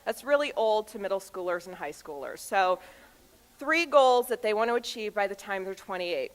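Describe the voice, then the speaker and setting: A woman in her thirties, a motivational speaker telling personal stories to a live audience with emphatic pauses. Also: medium pitch. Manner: expressive, animated storyteller with emphatic pauses. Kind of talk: storytelling talk to an audience.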